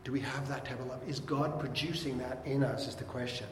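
A middle-aged man preaching a sermon as pastor, earnestly teaching and reading verses aloud slowly. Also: medium pitch, steady tone, a little hiss or hum. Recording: echoey hall with long reverb.

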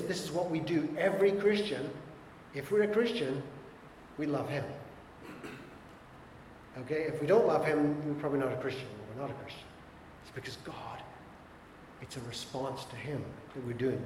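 In an echoey church hall with long reverb, a man with a fairly high voice delivers an emphatic sermon as a pastor, exhorting his listeners with repeated short urgings. A little hiss or hum is audible.

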